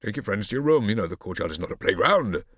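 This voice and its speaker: A man reading an audiobook, voicing a tall, cold rich father who speaks slowly, bored and dismissive. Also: sits low, bright, forceful tone, no room sound, studio quality, voice pushed down.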